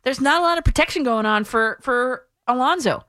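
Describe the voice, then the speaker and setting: A woman's voice: high voice, expressive, a little fast, pushed and bright, no echo. A woman hosts a sports call-in show, speaking in an opinionated, chatty way and often stumbling over restarts. Her voice is close on a studio mic in a dry, dead room. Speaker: sports radio host. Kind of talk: sports talk radio.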